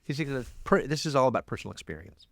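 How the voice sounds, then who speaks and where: A man's voice: medium pitch, sing-song, very fast, gravelly, a bit bright, no echo. A man co-hosting a casual podcast, playfully reading a listener's email aloud. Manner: playful, reads with a mock folksy lilt. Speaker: podcast co-host.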